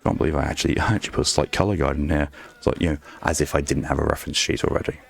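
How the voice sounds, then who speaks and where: A man streaming his art, talking softly in an ASMR-style murmur right on a close microphone, rambling to himself as he draws. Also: rumbling low, steady tone, racing, vocal fry, breathy edge. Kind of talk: soft ASMR-style stream chat while drawing. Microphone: very close desk microphone. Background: faint background music.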